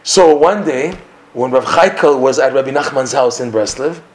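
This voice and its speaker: A man teaching a Torah class, telling a story with lively acted-out dialogue. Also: mid-range voice, normal speed. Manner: animated storyteller acting out the characters' lines. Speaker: religious teacher.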